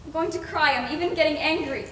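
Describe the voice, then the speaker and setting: A woman's voice: sits high, fast talker, fairly bright tone, slight background noise. A young woman playing a sad, self-doubting young girl in a school stage play, wistful and plaintive. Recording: echoey hall, far from mic.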